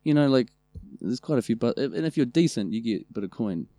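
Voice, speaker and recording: A New Zealand man co-hosting a podcast talks at a fairly quick clip in a medium-pitched voice, recorded dry. He relays amusing family stories in an animated, laid-back way, cursing freely throughout.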